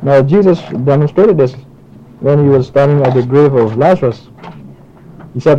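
A man lectures on spiritual matters in a loose, halting way, circling back with restarts and fillers. His voice is dark and mellow. The recording is dull and lo-fi, with a faint hiss underneath. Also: medium pitch. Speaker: spiritual teacher. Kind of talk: informal lecture with audience questions.

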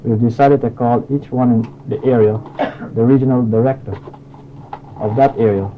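Halting man lecturing on tape. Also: mid-range voice, fairly even intonation, phone-quality sound, slight background noise. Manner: halting, with frequent restarts and fillers. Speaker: spiritual teacher. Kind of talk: informal lecture with audience questions.

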